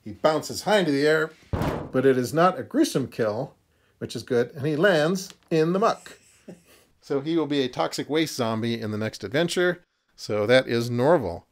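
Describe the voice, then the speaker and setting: A man narrating and refereeing a horror miniatures game, chatty and quick to laugh at his own jokes. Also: medium pitch, animated. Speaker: game master.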